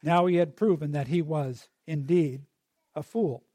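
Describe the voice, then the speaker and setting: High-voiced male preacher, conversational. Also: unhurried, dark tone, no room sound. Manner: conversational, digressive, with asides. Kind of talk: sermon.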